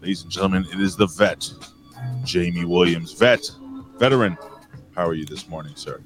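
A man's voice: deep voice, moderate pace, soft background music. A man hosting a podcast, hyping his show like a ring announcer and cursing freely. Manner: bombastic announcer-style hype, profane. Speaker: podcast host. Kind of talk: casual podcast chat.

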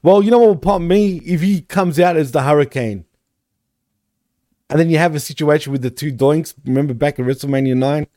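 A man on a wrestling podcast with a mellow, slightly high voice. He is blunt and easily exasperated, laughing as he talks. The sound is dry and close. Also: a little fast, no echo. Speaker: podcast co-host. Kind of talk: casual wrestling chat.

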